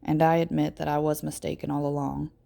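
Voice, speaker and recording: A teacher reading a first-person novel aloud to her class in steady, measured narration. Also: low voice, vocal fry.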